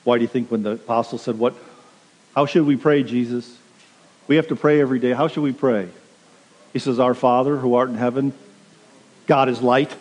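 A man's voice: medium pitch, fairly even intonation, moderate pace, long pauses, a little mellow. A pastor preaching a sermon, earnest and direct, urging his listeners plainly. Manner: earnest, direct exhortation with quoted asides. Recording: long reverb of a large hall.

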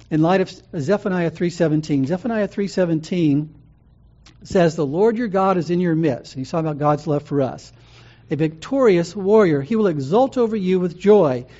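A man's voice: on the high side, dark tone. A man preaching a sermon as pastor, teaching in a conversational way with frequent ums and restarts. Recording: muffled lo-fi sound.

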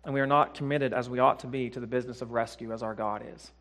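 A man preaching a sermon in a church, dropping to hushed tones and then building to loud, emphatic peaks, with repeated phrases and rhetorical questions. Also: mid-range voice, steady tone, fast. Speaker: pastor.

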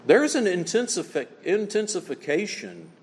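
A pastor delivers his sermon in a fairly high voice, pressing his points hard and then dropping low and quiet. His voice rings out with the long reverb of a large sanctuary. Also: wildly swooping pitch, moderate pace, breathy edge. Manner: emphatic preaching, swings between loud exclamations and low quiet asides.

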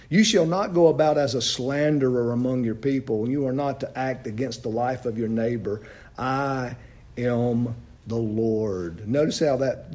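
A man preaching a sermon, asking his listeners loud questions and dropping to low, hushed lines.

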